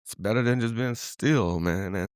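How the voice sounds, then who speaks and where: A man hosts a casual podcast interview in a low voice. He talks loosely, full of slang, fillers and restarts. The sound is dry and close. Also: moderate pace, no echo. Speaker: podcast host.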